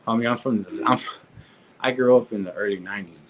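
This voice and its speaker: A man's voice: lowish voice, fast, background noise. A man, talking in a casual live-stream rant, slangy and repetitive, peppering his talk with street asides and restarting his sentences. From California. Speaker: reaction streamer.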